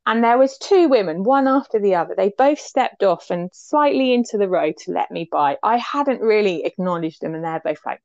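A woman's voice: mid-range voice, lively intonation, moderate pace, few pauses, darkish tone, no echo, muffled recording. A woman, telling a personal story as an interview guest, heartfelt and reflective.

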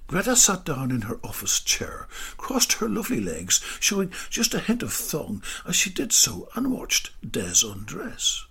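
Slow raspy guy reading a story, voice rolls up and down a lot. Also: on the high side, huge pitch swings, sharp tone. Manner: slow, drawn-out delivery with whispered asides. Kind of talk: scripted story narration.

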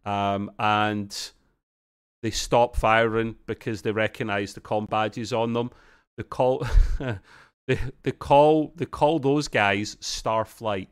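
A man's voice: on the low side, fairly even intonation, slow pace, clean tone. A man co-hosting a podcast, rambling through a casual TV episode review with frequent restarts. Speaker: podcast co-host.

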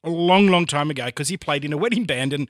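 A man's voice: a little high, fast talker, dry recording, clean studio sound. An Australian man on a sports podcast panel, reminiscing in a rambling way. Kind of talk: casual sports chat.

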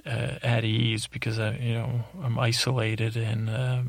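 A man telling a rambling comedic story as host, deadpan and halting, full of fillers and restarts, into a studio microphone. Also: medium pitch, gravelly, no room sound. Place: isolated recording space.

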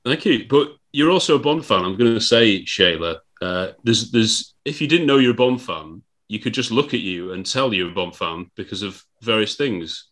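A man's voice: on the low side, animated, normal speed, hardly any pauses, a bit bright. A man hosting a podcast, chatty and casual, often restarting his sentences. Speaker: podcast host.

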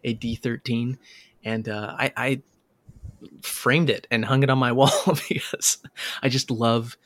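A man co-hosting a podcast, telling stories in a casual, animated way with lots of restarts and laughs. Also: mid-range voice, a little slow, no room sound. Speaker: podcast co-host. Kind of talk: casual chat.

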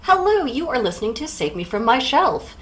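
A woman co-hosting a literature podcast, chatting casually with animated, teasing delivery. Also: high voice, fairly quick, soft background music. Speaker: podcast co-host. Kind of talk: casual chat.

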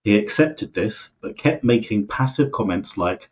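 A man's voice: fairly low pitch, expressive, a little slow. A young man co-hosting a podcast, reading a post aloud in a jokey way and laughing often. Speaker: podcast co-host. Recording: dull lo-fi audio from the wrong microphone.

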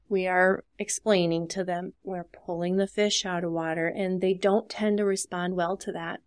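A woman's voice: medium pitch, flat delivery, measured pace, clean tone, no echo. Earnest woman explaining caregiving, dry close mic. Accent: Upper Midwest American. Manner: earnest and instructive, acts out short example dialogues. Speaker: dementia care business owner and social worker. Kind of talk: podcast interview, explaining caregiving tips.

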